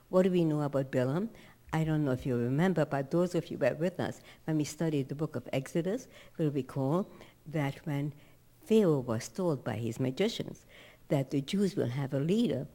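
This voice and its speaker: Woman, Torah teacher, low mellow voice, dramatic storytelling, rhetorical questions. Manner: emphatic, rhetorical questions, acts out quotes.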